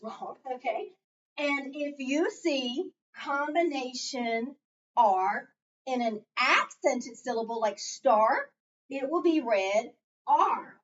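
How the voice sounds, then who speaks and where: A woman teaching a phonics lesson in a classroom, patient and coaching, with frequent encouragement. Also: high-pitched. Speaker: reading teacher. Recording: distant, dull lo-fi classroom recording with faint noise.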